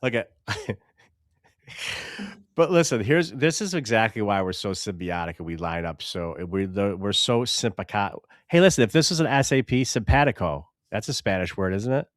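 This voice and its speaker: A man's voice: medium pitch, normal speed, dry recording. Co-host, male, brash rambling talker, dry close mic. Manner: loud, animated, rambling and profane. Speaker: podcast co-host. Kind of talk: casual live-stream banter.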